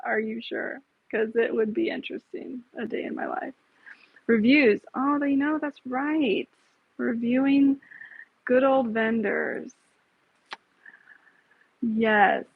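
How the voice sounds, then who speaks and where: A woman's voice: on the high side, gravelly, husky, no echo. A woman hosting a casual live stream, talking bluntly, with frequent swearing and rambling asides. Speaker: livestream host. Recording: tinny phone-like, dry sound.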